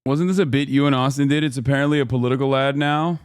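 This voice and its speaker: Animated male streamer, crisp dry sound. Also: medium pitch, fast, no room sound. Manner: animated, joking, reads chat aloud. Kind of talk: live-stream reaction commentary.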